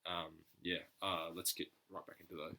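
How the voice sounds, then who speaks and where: A man with a deep, low voice and a sharp, tense edge talks through a music reaction video. He stumbles over his words, restarts often and leans on fillers, sounding earnest and choked up. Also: level tone, moderate pace. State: choked up, emotional. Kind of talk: casual reaction commentary.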